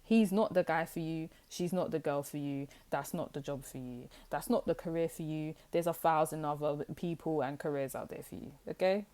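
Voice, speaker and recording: A woman's voice: sits low, normal speed, few pauses, dark tone. A young woman giving a casual tarot reading to camera, blunt and teasing, with lots of filler words. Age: young adult. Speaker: tarot reader.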